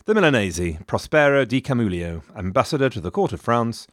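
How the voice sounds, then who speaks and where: A man's voice: medium pitch, sing-song, brisk, dry recording. Wry man narrating history. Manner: wry, dry humour with sarcastic asides. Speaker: history podcast host.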